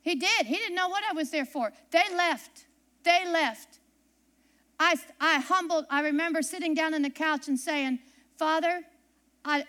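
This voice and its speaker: A woman delivering a sermon in a high, bright voice. She speaks with emphasis and circles back to repeat her main lines, leaning on them for weight. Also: measured pace. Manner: emphatic, repeats key phrases. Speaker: preacher.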